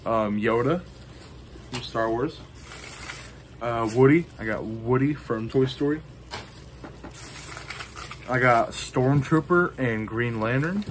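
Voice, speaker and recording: A man in a mid-range voice casually shows off his collection to the camera, taking it slowly with long pauses and rambling through plenty of ums and you-knows. A little hiss or hum sits under the audio.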